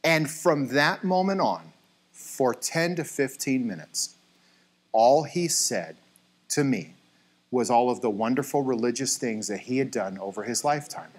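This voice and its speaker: A middle-aged man, a pastor, telling stories in a casual sermon to his church and acting out the voices of the people in them. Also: fairly high pitch. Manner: storytelling, acts out voices in quotes, animated. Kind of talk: conversational sermon with anecdotes. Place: church sanctuary.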